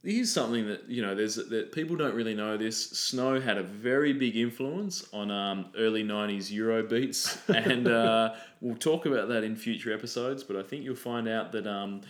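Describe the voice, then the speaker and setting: A man's voice: fairly low pitch, normal speed, hardly any pauses, roomy sound. A man co-hosting a podcast in casual chat, sarcastic and sweary, rambling with fillers. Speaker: podcast co-host.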